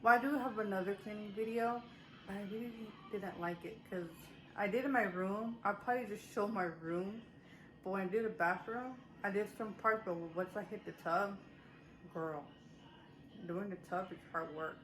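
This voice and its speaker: A woman's voice: medium pitch, normal speed, a bit bright, a little hiss or hum. A woman chatting casually to her viewers, a little out of breath, rambling with lots of fillers and restarts. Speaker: vlogger. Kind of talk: casual haul chat to camera.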